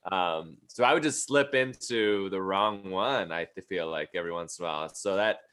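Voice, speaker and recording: A man in a casual podcast chat, talking haltingly with many restarts. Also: sits low, fairly bright tone, clean tone.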